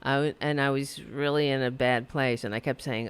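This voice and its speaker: A woman's voice: rumbling low, moderate pace, clean tone. A middle-aged woman hosting her own talk show from her apartment, rambling and self-deprecating, reading chat messages aloud. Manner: reads viewer chat aloud. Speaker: podcast host.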